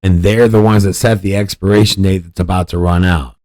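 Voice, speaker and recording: A man's voice: deep voice, steady tone, a little fast, a little mellow, no room sound, clean studio sound. A man hosting a podcast, giving blunt, profane political commentary in a ranting manner. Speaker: podcast host.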